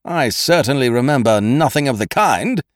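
A man's voice: medium pitch, wildly swooping pitch, normal speed, darkish tone, no room sound, clean studio sound, voice pushed up. A man voicing a stiffly formal young male patient who talks in an odd, precise way. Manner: precise, stiff, pompous speech. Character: prim, oddly formal young male invalid.

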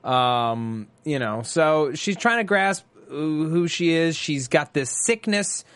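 A man's voice: fairly high pitch, lively intonation, takes it slowly, a bit bright, no room sound. Male co-host, chatty and rambling, dry close-mic sound. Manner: chatty, rambling with many fillers and restarts, breaks into jokey impressions. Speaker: podcast co-host. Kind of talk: casual chat recapping a TV episode.

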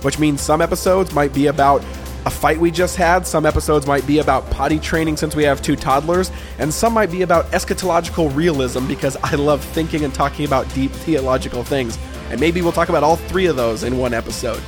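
A man's voice: a little high, brisk, music in the background. A man in his thirties co-hosting a casual faith podcast with his wife, talking in an earnest, reflective way with some joking. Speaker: podcast co-host.

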